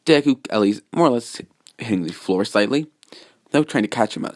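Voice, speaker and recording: A man's voice: medium pitch, animated, normal speed, no room sound, studio quality. A man casually retelling a fan story, rambling with lots of fillers.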